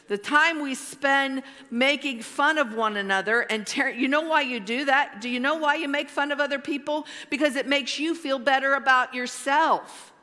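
A woman pastor preaching a sermon slowly and emphatically, with dramatic pauses. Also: on the high side, pushed and bright. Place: large church hall. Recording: long hall reverb.

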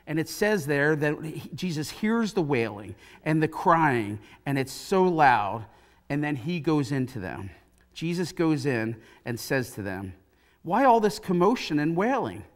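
A pastor preaches in a church, his voice sitting a little higher than most men's. He tells the scripture story with feeling and acts out the voices of the people in it. He speaks into a pulpit microphone. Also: unhurried. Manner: animated storytelling, acting out quoted voices. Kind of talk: sermon. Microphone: pulpit mic.

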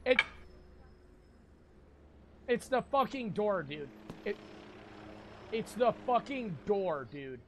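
A young man streaming a cooking game, talking to his chat in a frantic, profane, yelling way. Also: high voice, sing-song, slow, pauses often, slight background noise. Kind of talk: gaming livestream commentary.

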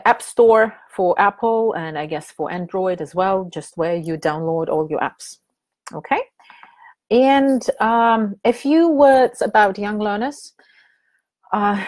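A woman's voice: mid-range voice, darkish tone. Chatty woman presenting a webinar. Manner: chatty, hesitant, many fillers and restarts. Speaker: teacher trainer presenting a webinar.

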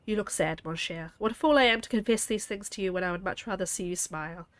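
A woman reading the lines of a gallant, charming Creole man in a story game, softly and flirtatiously. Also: medium pitch, quick pace, no echo, close to an everyday voice.

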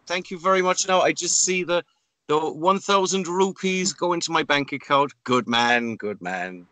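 A man's voice: fairly high pitch, normal speed, no echo. An Irish man trading absurd jokes in casual comedic banter as a podcast co-host. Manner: absurd deadpan improvising, mock authority.

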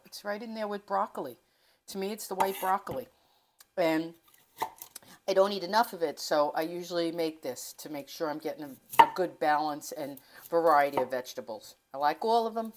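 A woman's voice: on the low side, heavy background noise. A middle-aged woman hosting a cooking channel, chatting casually and rambling from her home kitchen. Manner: chatty, rambling, self-interrupting.

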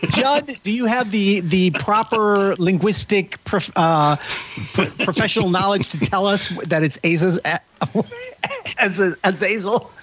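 A man's voice: high-pitched, a little slow, fairly bright tone, slight background noise, poor audio. A man thinking aloud as a panelist in a casual roundtable discussion over a video call. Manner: thinks aloud, self-correcting.

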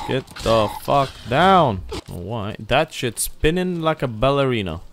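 A young man giving loud, joking, profane commentary while playing a video game. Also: medium pitch, big pitch swings, slow, hardly any pauses, noisy background. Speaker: gaming video creator. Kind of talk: let's-play commentary.

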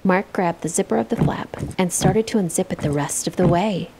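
A woman voicing a calm character who tells ghost stories in a game, in an even, measured reading. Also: on the low side, noisy background, lightly acted. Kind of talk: scripted storytelling in a game.

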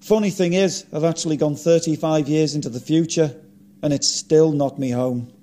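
Man reading a downbeat musician figure, dry self-mocking humour, slightly raised pitch. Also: moderate pace, a little mellow, lightly acted. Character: a resurrected famous singer, male musician, rueful and wry.

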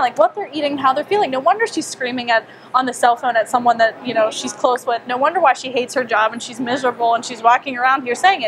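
A young woman telling a personal story to a small group, animated and chatty, acting out her own thoughts and saying "like" a lot. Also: high-pitched, fast talker, few pauses, a little hiss or hum. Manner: animated, acts out her own inner voice, frequent "like". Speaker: wellness speaker. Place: small meeting room with a group.

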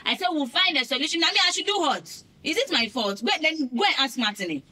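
An actress playing an exasperated young sister who stammers and repeats herself. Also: female voice, high-pitched, big pitch swings, fast talker, bright, forceful tone, a little hiss or hum, exaggerated voice. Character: young woman, an indignant, flustered sister.

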